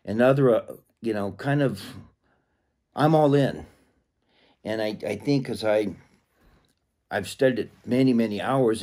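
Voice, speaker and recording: A man talking casually to camera in a rambling way, clearing a frog from his throat. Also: medium pitch, warm tone. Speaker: vlogger.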